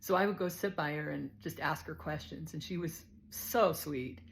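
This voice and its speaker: A woman's voice: deep voice, moderate pace, creaky, slight background noise. A woman telling a personal story in a casual, chatty way, laughing easily.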